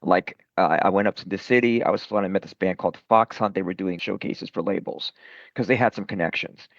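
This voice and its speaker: A man's voice: low voice, a little fast, no room sound. A middle-aged man from Brooklyn, a rock singer, chatting loosely in an interview with lots of fillers and self-deprecating asides. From Brooklyn, New York. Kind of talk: casual interview chat. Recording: dull lo-fi dry sound.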